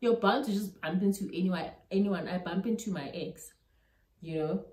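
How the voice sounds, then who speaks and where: A young woman with a South African accent tells a story in a vlog, animated and chatty, dropping local-language words into her English. Her voice sits at a middle pitch. The room gives it a roomy echo. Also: moderate pace. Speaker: YouTuber.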